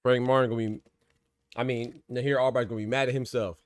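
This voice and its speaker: A man hosting live boxing commentary, excitable and slangy, shouting out big moments and talking casually to his viewers. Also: medium pitch, quick pace, no echo. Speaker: boxing commentator and channel host.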